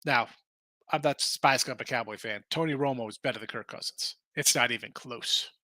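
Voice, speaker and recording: A man's voice: medium pitch, moderate pace, bright, forceful tone, no room sound. A man hosting a casual sports betting show, arguing picks animatedly and reading chat comments aloud.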